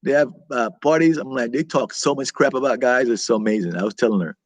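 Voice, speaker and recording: A man's voice: mid-range voice, fast talker, no room sound. A man hosting a casual live-stream chat, rambling and reacting aloud to viewer comments. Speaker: vlog host reading live chat.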